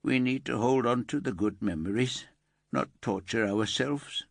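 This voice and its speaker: A man's voice: medium pitch, measured pace, creaky, dry recording, clean studio sound. A man playing a frail older father stricken with grief, in a thriller audiobook. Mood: grieving. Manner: angry then breaking.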